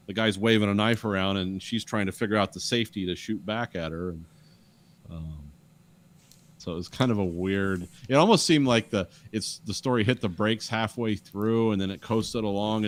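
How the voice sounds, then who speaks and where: A man in casual podcast chat, rambling with restarts and acting out quotes from a show. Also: on the low side. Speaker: podcast co-host.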